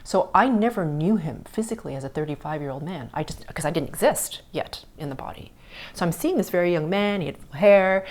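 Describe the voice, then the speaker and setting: A middle-aged woman hosting a spiritual podcast, earnestly recounting a personal experience and dropping to soft whispers at tender moments. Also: on the low side, animated, fairly quick. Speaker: podcast host.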